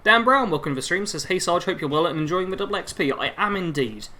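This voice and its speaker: A man's voice: high voice, lively intonation, quick pace, bright, forceful tone. A young man live streaming a game on a headset mic, chatting constantly and reading chat aloud.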